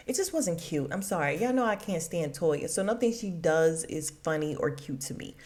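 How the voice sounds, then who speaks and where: A woman's voice: fairly low pitch, darkish tone. A woman hosting a podcast, recapping a TV episode in a casual, blunt and opinionated way, swearing freely. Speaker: podcast host.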